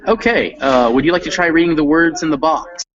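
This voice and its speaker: A man's voice: on the high side, fairly quick, a bit bright, dull audio. A man teaching an online reading lesson, patiently coaching pronunciation over a video call.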